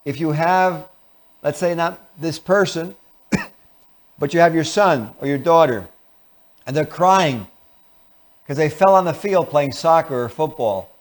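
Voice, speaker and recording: A man with a fairly high voice hosts a talk show, teaching his audience step by step. He slips into short acted-out conversations to show his points, then returns to plain explanation. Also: unhurried, long pauses. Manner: explains with acted-out example dialogues. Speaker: show host.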